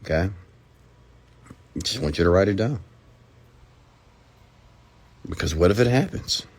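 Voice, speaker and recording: A man's voice: deep voice, animated, unhurried. A man giving a motivational rant who talks emphatically, repeats his points and asks rhetorical questions. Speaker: motivational speaker.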